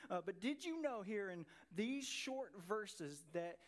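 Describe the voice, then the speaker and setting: A middle-aged man preaching a conversational sermon as pastor, animated and full of rhetorical questions. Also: high-pitched, slow. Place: church sanctuary.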